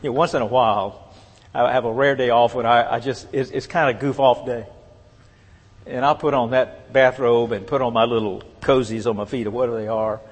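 Husky man preaching in a reverberant hall. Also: mid-range voice, steady tone. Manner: earnest, measured, trailing off at phrase ends. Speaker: pastor. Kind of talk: sermon. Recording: long reverb of a large hall.

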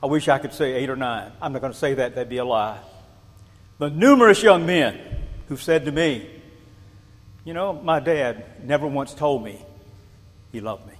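An older man preaching a sermon as a pastor, animated, repeating words and asking rhetorical questions. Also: mid-range voice, normal speed, long pauses. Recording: long reverb in a large hall.

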